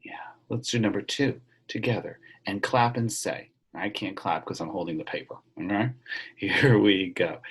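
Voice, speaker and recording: A middle-aged man teaching elementary music over a video call, reading a picture book aloud and explaining rhythms slowly and patiently to children. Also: fairly low pitch, slightly rough. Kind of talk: online music lesson with read-aloud. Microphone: computer mic on a video call.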